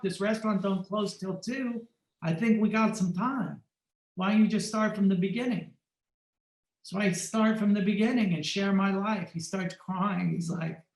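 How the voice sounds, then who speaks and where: A man, a photographer on a podcast, telling a personal story and acting out the dialogue in lively shifting tones. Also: sits high, echoey room, rough recording. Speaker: podcast guest, fashion photographer.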